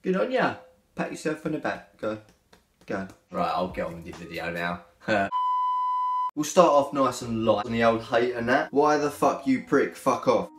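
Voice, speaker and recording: A man's voice: medium pitch, sing-song, moderate pace, fairly bright tone, slight background noise. A young man, joking and bantering as he reacts to hate comments in a casual comedy vlog. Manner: cheeky, joking, slangy banter. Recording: echoey room with faint music.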